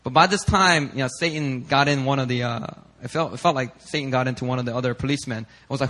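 A young male pastor telling a lively, casual story in a sermon, slipping in Korean phrases. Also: mid-range voice, quick pace, hardly any pauses.

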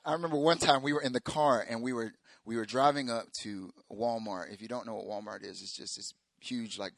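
A young man preaches in a loose, joking storytelling way, jumping into squeaky voices whenever he quotes someone. His tone is bright and forceful. The recording is close and dry, with no room sound. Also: creaky, no room sound. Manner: animated, jokey, acts out quotes in high voices. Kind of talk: sermon storytelling.

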